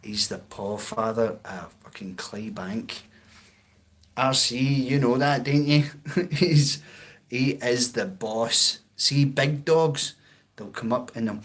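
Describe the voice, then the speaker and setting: A Scottish man hosting a casual livestream, rambling and chuckling as he answers viewer comments. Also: medium pitch. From Scotland. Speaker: livestream host.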